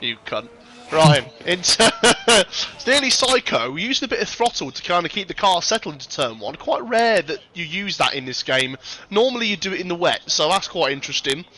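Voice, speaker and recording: A man's voice: sits high, expressive, quick pace. Sweary man calling a sim race. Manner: sweary, banter-filled, reads chat aloud. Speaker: sim racing commentator. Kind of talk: casual livestream commentary. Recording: music playing loud behind.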